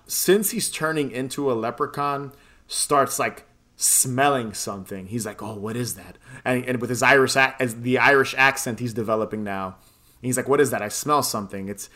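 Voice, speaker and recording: A man's voice: mid-range voice, fairly bright tone. A man casually recapping a film plot on a podcast, rambling, swearing and laughing often. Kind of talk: casual chat.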